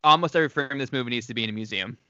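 A man's voice: mid-range voice, rapid-fire, bright, forceful tone. An enthusiastic man chatting casually on a podcast, teasing the others. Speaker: podcast guest. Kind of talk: casual chat. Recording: dry, dull lo-fi sound.

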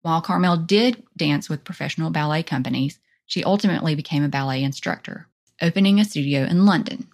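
Deep-voiced woman podcast co-host. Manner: relaxed, thinking aloud with fillers. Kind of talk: true-crime narration and casual chat.

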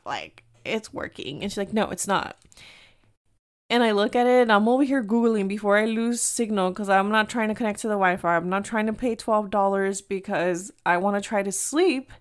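Mexican-American woman, 30s, podcast host; chatty, animated storyteller with Spanish asides. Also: mid-range voice, normal speed. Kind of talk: casual storytelling chat.

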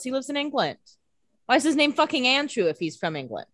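A woman's voice: sits high, sing-song, brisk, fairly bright tone, no echo. A woman co-hosting a casual podcast, making wry, joking comments and swearing casually. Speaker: podcast co-host. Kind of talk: casual chat.

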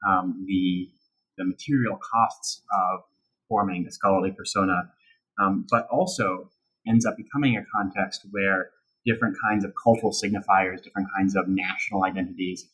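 Very deep, flat-voiced man. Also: normal speed, poor audio. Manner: hesitant, many ums and uhs. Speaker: guest author. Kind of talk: academic interview.

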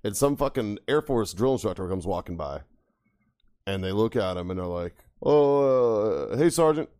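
A man's voice: low voice, moderate pace. Profane man telling stories on a podcast. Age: older. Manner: swearing, shouts when acting out stories. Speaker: podcast co-host. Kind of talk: casual profane storytelling.

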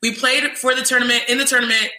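A young woman telling an animated story in casual chat, acting out other people's voices in quotes. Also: a little high, fast talker. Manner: lively, mimics voices in quotes, says "you know what I'm saying". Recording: roomy echo.

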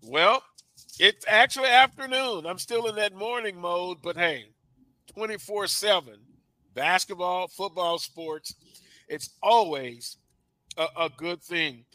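A man hosts sports talk radio in an easy, chatty way, speaking slowly in a bright, high voice. The sound is dry and close. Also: expressive, no echo. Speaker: radio show host.

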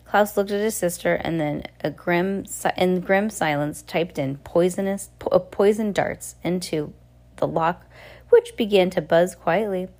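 A woman's voice: on the low side, a little slow, a little mellow. A woman reading a novel aloud in an unpolished way, with slips and self-corrections. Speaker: reader.

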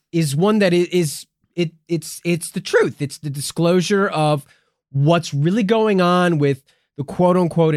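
Podcast dude hyping up conspiracy stuff, cursing a lot, pitch all over, dry close mic. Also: male voice, no echo. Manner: swears a lot, teasing, mock-dramatic. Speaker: podcast co-host. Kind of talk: comedic conspiracy podcast banter.

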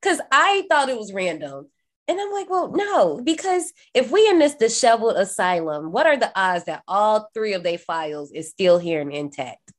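On a laid-back horror recap podcast, a female co-host talks at a normal speed, profane and lively. Quoted lines get acted out with frequent high jumps in her voice.

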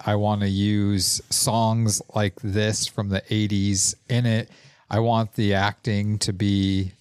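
A man's voice: fairly low pitch, no echo. A man co-hosting a podcast about songs, chatting casually and rambling through his ideas. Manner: rambling, with restarts. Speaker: podcast co-host. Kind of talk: casual chat.

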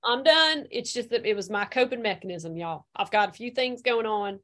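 A rambling, folksy stepmother of the devil, fretful and overwrought, who drops a y'all into every other sentence, as a woman acts her out. Her voice sits a little high, and she spills her complaints in a long, chatty improvised flow. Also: moderate pace, fairly bright tone, lightly acted. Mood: deflated. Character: the devil's emotional, put-upon female stepmother. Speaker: guest character. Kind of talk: improvised comedy podcast.

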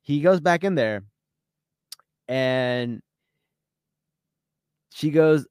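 A man's voice: mid-range voice, clean tone, dry recording, clean studio sound. A man co-hosting a podcast, retelling a dating show finale in casual chat, laughing a lot and acting out the quotes. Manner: animated storytelling, laughs often, quick reenacted quotes. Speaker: podcast co-host.

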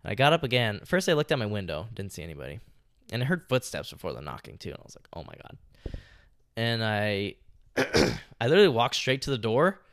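This young podcast co-host's voice sits on the low side and is a bit bright, with big pitch swings and a fast delivery, recorded with no echo. He tells a story in loose, rambling chat, cursing often and filling gaps with "like" and "you know."

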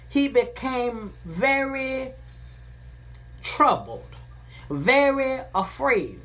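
Slow, deliberate woman preaching scripture. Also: fairly high pitch, a bit bright. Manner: slow and deliberate, repeating phrases; paraphrases verses in plain modern words. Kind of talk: sermon, reading and explaining scripture.

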